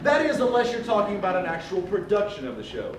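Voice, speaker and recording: A man's voice: high voice, wildly swooping pitch, fast talker, over a noisy crowd, heavy background noise. A man doing hammy live stage comedy in a theater, speaking with campy put-on delivery. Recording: live theater recording, roomy and distant with loud audience.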